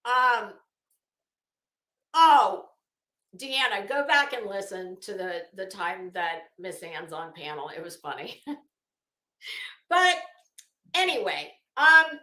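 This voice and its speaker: A woman's voice: mid-range voice, sing-song, slow pace, long pauses, bright, forceful tone. A woman streaming and chatting casually, rambling with many restarts and fillers. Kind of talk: casual chat. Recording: echoey room.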